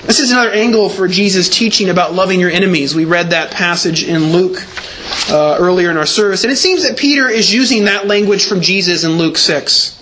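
Pastor, male, high voice, emphatic sermon delivery, slight background noise. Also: fairly quick, bright, forceful tone. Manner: earnest, emphatic preaching with repeated words.

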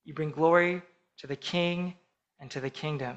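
A man preaching a sermon as pastor, earnest and measured, slowing down for emphatic phrases. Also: a little high, poor audio.

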